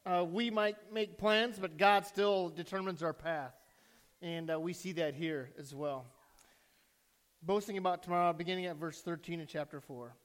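In a church, a male pastor with a high voice gives a sermon at normal speed. He reads scripture, prays, and poses questions to the congregation in a conversational way.

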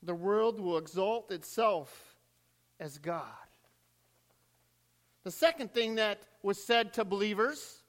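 A man preaching a sermon as pastor, swinging between rising cries and hushed drops, recorded in a church sanctuary. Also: high voice, slow pace, long pauses, big-room sound.

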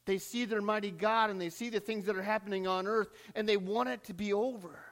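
A man preaching a sermon as pastor, swinging between rising cries and hushed drops, recorded in a church sanctuary. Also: sits high, steady tone, a little fast, long reverb tail.

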